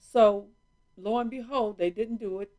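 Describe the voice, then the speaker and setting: A vlog host at home talks casually to her live-stream viewers, calling them y'all, through a small phone or camera mic. Her voice is a little high and slow, with a dark tone.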